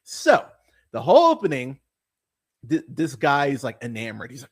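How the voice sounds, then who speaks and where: A man at medium pitch and a moderate pace hosts a movie review podcast. He rants casually and profanely, sounding animated, exasperated, and full of swearing.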